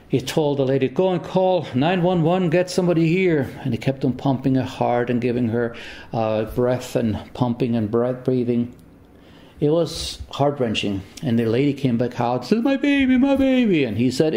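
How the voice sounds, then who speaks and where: A man preaching a homily as a priest, telling a long story in an unhurried way with pauses and small restarts before turning to scripture. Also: mid-range voice, dark tone.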